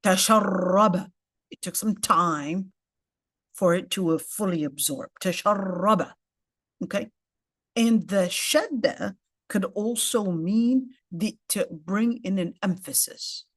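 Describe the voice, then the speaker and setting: A woman's voice: medium pitch, slow, no echo, studio quality. A woman teaching a casual lecture in English with Arabic terms mixed in, explaining step by step and often checking in with "okay?". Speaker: Quran tafseer teacher.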